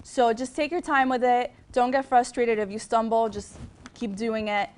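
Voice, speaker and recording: A woman's voice: on the high side, level tone, normal speed, a little mellow, a little hiss or hum. Chatty young woman with a Miami accent. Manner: chatty, frequent ums and restarts. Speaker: TV news reporter giving a guest talk. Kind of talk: casual advice talk to students.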